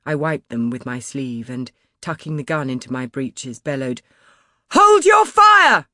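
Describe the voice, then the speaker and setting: A woman's voice: rumbling low, steady tone, moderate pace, no room sound, clean studio sound. Woman narrating a dramatic audiobook. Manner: dramatic, rising to shouts in dialogue. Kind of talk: first-person scripted narration.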